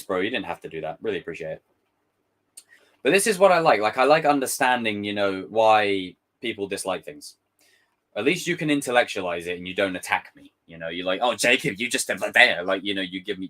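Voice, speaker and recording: Live streaming and reading out chat, a man with a lowish voice talks casually. He rants in an animated, exasperated way and swears freely.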